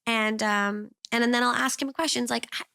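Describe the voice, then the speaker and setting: Gravelly-voiced woman chatting about parenting. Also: on the high side, steady tone, normal speed, sharp tone, no room sound, clean studio sound. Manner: rambling, reflective, many fillers. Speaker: guest, parent. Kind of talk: casual conversational interview.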